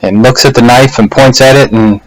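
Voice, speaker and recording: A man casually telling a personal story to a webcam, unhurried, with frequent pauses and fillers. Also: mid-range voice, fairly even intonation, dry recording, poor audio. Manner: unhurried, halting, many "uh" and "you know" pauses. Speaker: speaker giving a practice speech. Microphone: laptop webcam.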